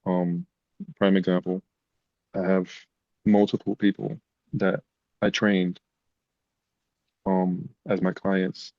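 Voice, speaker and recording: Very deep flat-voiced man telling stories. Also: slow pace, pauses often, no room sound, lo-fi sound. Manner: emotional, animated retelling. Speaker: podcast guest. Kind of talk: casual storytelling.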